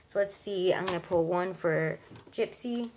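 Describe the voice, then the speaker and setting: A woman's voice: on the low side, moderate pace, a little mellow, slight background noise, poor audio. Chatty woman reading tarot cards. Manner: chatty, reassuring, many likes and ums. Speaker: tarot reader.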